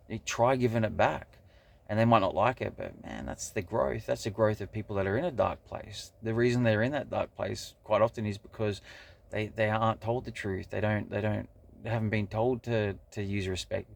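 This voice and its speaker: A man's voice: lowish voice, steady tone, moderate pace, gravelly. A man talking to camera in a loose, rambling monologue, swearing freely and restarting his sentences with lots of fillers. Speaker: vlogger. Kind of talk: casual monologue.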